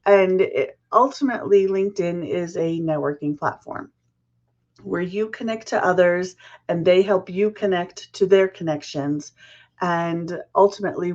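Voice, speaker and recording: A woman hosting a casual business chat show, chatty and friendly, her voice a little rough from the early morning. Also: lowish voice, a little mellow, dull audio. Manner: chatty, laughs at own slips. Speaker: podcast host.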